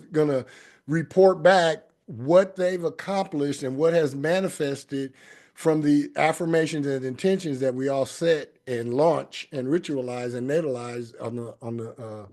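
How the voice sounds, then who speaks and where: A man's voice: a little high, normal speed, darkish tone. A man hosting a spiritual talk show, speaking emphatically and repeating phrases like affirmations. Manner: repetitive, emphatic, sing-song affirmations. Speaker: host. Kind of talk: spiritual talk show, casual group chat.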